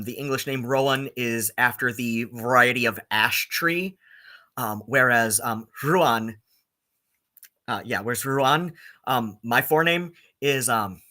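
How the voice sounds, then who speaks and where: A man streaming rambling, sarcastic commentary, halting on constant ums and likes. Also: mid-range voice, pushed and bright. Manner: filler-heavy, halting, with many ums and likes; sarcastic and exasperated.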